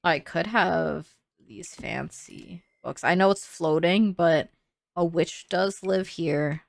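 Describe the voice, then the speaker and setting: A woman's voice: lowish voice, takes it slowly, creaky, dry recording. A young woman casually thinking aloud while she builds in a game, chatty and full of "like"s. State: sleepy, yawning. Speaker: gaming creator building in a life sim.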